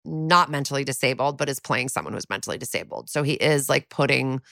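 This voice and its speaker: A woman's voice: rumbling low, a little fast, gravelly, bright, forceful tone, no room sound, studio quality. A woman co-hosting a podcast, chatting casually through an episode recap with plenty of fillers and casual swearing. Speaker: podcast co-host.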